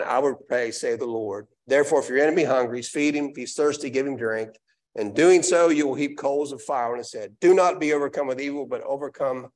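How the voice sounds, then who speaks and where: During a live sermon in a church sanctuary, a man of medium pitch reads a scripture passage and then hammers it home by repeating it emphatically.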